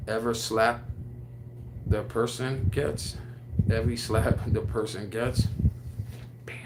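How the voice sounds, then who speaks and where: A man on a casual livestream who reads viewer comments aloud and chats in an excitable, slangy way full of restarts. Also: fairly low pitch, takes it slowly, heavy background noise. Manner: drawling slang with frequent restarts.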